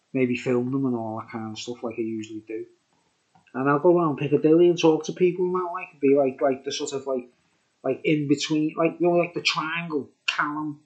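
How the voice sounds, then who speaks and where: Birkenhead Scouse bloke, chatty beer vlogger, rambles on, mid-pitched, dull lo-fi sound. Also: male voice, darkish tone. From Birkenhead, England. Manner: rambling, repeats "you know what I mean". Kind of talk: rambling casual vlog chat.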